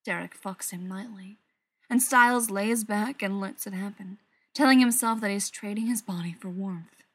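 A woman reading a story aloud in a soft voice that often drops into a whisper. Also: mid-range voice, moderate pace, no room sound. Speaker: story reader.

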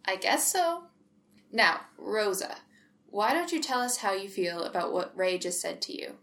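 A woman's voice: mid-range voice, big pitch swings, unhurried, a bit bright. A woman reading a story aloud, voicing an eager, nosy male counselor who talks encouragingly.

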